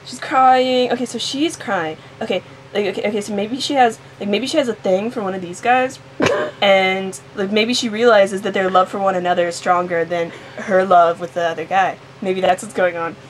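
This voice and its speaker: In a noisy home recording, a young woman playfully improvises the story of a comic, giggling and rambling as she goes. Her mid-range voice keeps fairly even intonation at normal speed.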